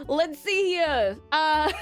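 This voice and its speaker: High-pitched woman in a mock mobster accent. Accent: put-on old-time American mobster. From Tasmania, Australia. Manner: playful, calls chatters darling and doll, laughs often. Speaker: streamer. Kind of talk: livestream chat greetings.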